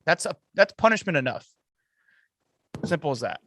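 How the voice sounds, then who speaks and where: A man's voice: fairly high pitch, sing-song, normal speed, fairly bright tone, slight background noise. A man co-hosting a sports podcast, talking in blunt, opinionated casual chat. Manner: opinionated and blunt, says "bro". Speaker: podcast co-host.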